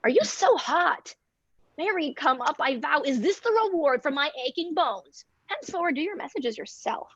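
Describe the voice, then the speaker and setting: A woman's voice: sits high, lively intonation, moderate pace, a bit bright, no room sound, dull audio. A woman reading the part of a weary, teasing old nurse in a table read of a play, complaining with groans and whispered asides.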